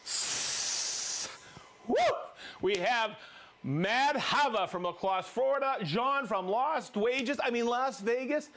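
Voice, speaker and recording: A high-voiced man hosts a live stream, calling out viewers one after another with jokes and whoops. His pitch swings widely and lively, and his delivery stays upbeat and playful. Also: a little slow. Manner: upbeat, jokey, reads viewer names with whoops. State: recovering from a cold. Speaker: livestream host.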